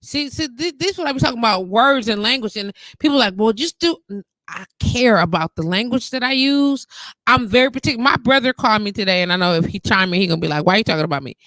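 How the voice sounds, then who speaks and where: Female live-show host, fairly high pitch, lively and talkative. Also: fast talker, no echo. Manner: animated, repeats "you get what I'm saying". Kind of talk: casual live-stream chat.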